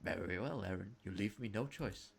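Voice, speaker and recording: A man's voice: on the low side, moderate pace, creaky, slight background noise. A man voicing a stern, formal middle-aged mother in a game who scolds her son primly. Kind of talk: voicing characters in a game stream.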